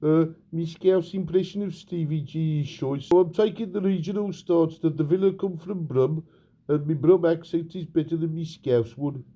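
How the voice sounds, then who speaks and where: A man's voice: on the high side, normal speed, mellow, voice pushed up, lightly acted. A man voicing a male football manager with a Birmingham accent, talking in a chatty, shrugging way. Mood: breezy.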